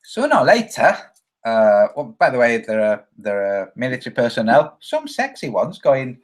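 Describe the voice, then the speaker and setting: A man's voice: wildly swooping pitch, normal speed. A man hosting a casual livestream, rambling and joking, reading viewer comments aloud and acting out quoted voices. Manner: acts out quoted voices with big pitch jumps. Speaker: livestream host.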